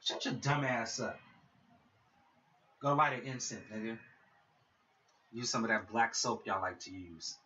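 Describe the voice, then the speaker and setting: A man's voice: on the low side, steady tone, measured pace, long pauses, pushed and bright, slight background noise. A man hosting his own podcast, delivering a heated, profane solo rant aimed straight at his listeners. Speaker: podcast host. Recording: dull lo-fi sound, mic set back.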